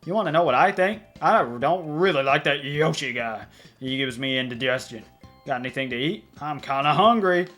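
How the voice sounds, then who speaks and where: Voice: medium pitch, expressive, normal speed, a bit bright, faint music behind, voice pushed down, lightly acted. Player doing a hungry fish dude with a folksy drawl.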